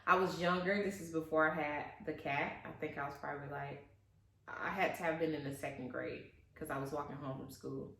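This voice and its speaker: Bright-voiced woman telling stories. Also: deep voice, steady tone, gravelly. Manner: drawn-out, emphatic storytelling. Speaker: podcast co-host. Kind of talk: casual storytelling chat. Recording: echoey room with faint noise.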